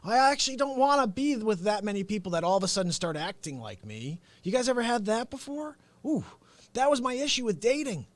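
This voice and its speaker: A man hosts a live stream with a bright, high voice that leaps around in pitch. He tells animated stories, laughs often and drops into comic impressions. The sound is close and dry, with no room echo. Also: fairly quick. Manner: animated storyteller who slips into comic impressions; laughs often and talks straight to viewers. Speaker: host and real estate agent. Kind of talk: unscripted live-stream talk.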